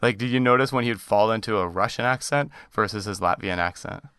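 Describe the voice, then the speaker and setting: A man's voice: fairly low pitch, a little fast, fairly bright tone, clear, resonant tone, dry recording. A Canadian man hosting a podcast, chatting casually with lots of fillers. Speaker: podcast host. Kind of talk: casual chat.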